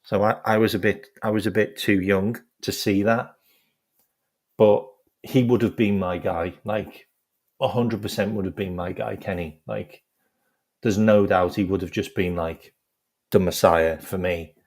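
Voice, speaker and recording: A man's voice: fairly low pitch, steady tone, unhurried. A man hosting a football fan channel, chatting casually in a rambling way, with lots of "like" and laughter as he tells stories. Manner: rambling, heavy use of "like", laughs while telling stories. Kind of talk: casual live-stream chat.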